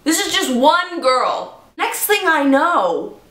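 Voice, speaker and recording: A woman vlogger telling a story to camera in a dramatic, animated way. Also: high-pitched, takes it slowly. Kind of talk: storytime vlog. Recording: echoey room.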